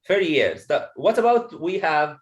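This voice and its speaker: A man's voice: on the high side, sing-song, a little slow. A man teaching a pronunciation lesson to a classroom of students, repeating phrases and checking understanding with "okay?". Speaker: English teacher.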